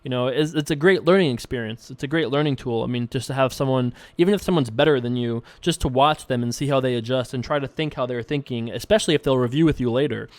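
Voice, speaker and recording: A man's voice: medium pitch, fast, few pauses, no room sound. A man casually commenting on his online poker hands and answering viewer emails, rambling and thinking aloud with a self-amused tone, from a room at home.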